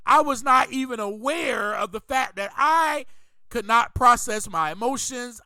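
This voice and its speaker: A podcast host with a high, lively voice delivers a motivational monologue, speaking slowly and emphatically like a preacher and repeating key phrases to drive them home. The sound is bright, smooth and dry, with no echo or room around it.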